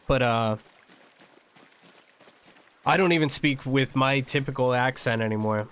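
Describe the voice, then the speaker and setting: A man's voice: medium pitch, unhurried, a bit bright, clear, resonant tone. An American man streaming a game and chatting casually, rambling and laughing often. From United States. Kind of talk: casual chat while gaming.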